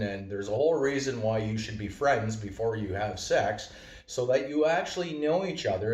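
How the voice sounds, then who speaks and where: A man giving a casual, rambling monologue full of fillers and wordplay. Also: mid-range voice. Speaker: vlogger. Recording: roomy, distant from mic.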